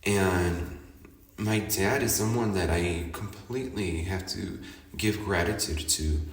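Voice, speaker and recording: A chatty, candid man from Chicago talks through his own podcast, laughing often and swearing freely. His voice sits on the low side. The sound is roomy and comes from a little way off the mic. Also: slow, recorded from a distance. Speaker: podcast host. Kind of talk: casual personal monologue.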